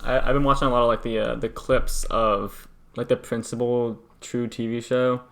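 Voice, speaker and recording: Deadpan young man joking. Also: mid-range voice, moderate pace, gravelly. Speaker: podcast co-host. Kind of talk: casual comedic chat.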